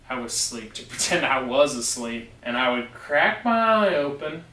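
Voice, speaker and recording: Bright-voiced man telling a story in an echoey room. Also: a little high, recorded from a distance. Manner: emphatic, insistent storytelling. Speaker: vlogger. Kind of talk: storytelling vlog. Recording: echoey room, away from mic.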